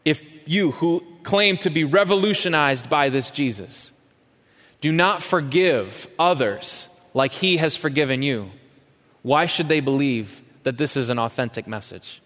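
A man preaches from the stage of a large church, his mid-pitched voice carrying a long hall reverb. He questions his listeners, rising loud and then dropping to a hush. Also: lively intonation, a little slow. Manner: impassioned, questioning, swings from loud to hushed. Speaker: pastor. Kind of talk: sermon.

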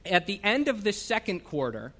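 A man's voice: sits high, big pitch swings, moderate pace, bright, forceful tone. A middle-aged man from the northern United States, a missionary, giving an informal church talk in a chatty, self-deprecating way with many ums and uhs. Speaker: ministry coordinator and missionary.

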